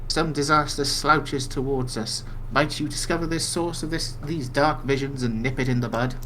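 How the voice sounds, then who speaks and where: A man's voice: mid-range voice, moderate pace, fairly bright tone, a little hiss or hum, natural voice, rough recording. Man putting on an accent as a mystic seer. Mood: solemn. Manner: improvised put-on accent, solemn. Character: male seer, mystic and self-assured brother. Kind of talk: reading game dialogue aloud.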